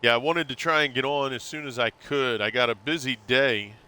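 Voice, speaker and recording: A man's voice: medium pitch, fairly quick, sharp tone, clean tone. A man streaming live, chatting casually and rambling, calling his viewers bro. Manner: laid-back, rambling, calls viewers bro.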